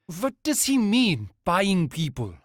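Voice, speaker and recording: A man's voice: high-pitched, wildly swooping pitch, slow, no echo, studio quality, pitched above the performer's own voice, heavily acted. A man voicing a wary middle-aged male tourist with a German accent, speaking stiffly and formally. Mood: bewildered.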